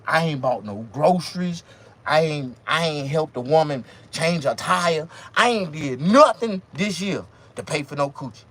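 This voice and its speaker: A man doing a stand-up comedy monologue, jumping his voice high when quoting women. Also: slightly rough. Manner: animated, swings pitch high for quoted women.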